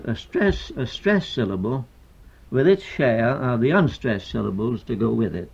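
An older man, a poet, speaks about meter in a slow, careful, halting lecture packed with pauses and fillers. The medium-pitched voice is creaky, husky and slightly mellow, preserved on a dull lo-fi archival recording.

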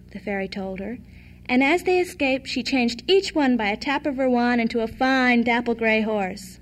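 A woman reading a fairy tale aloud as storyteller, in an even, measured way. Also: on the high side.

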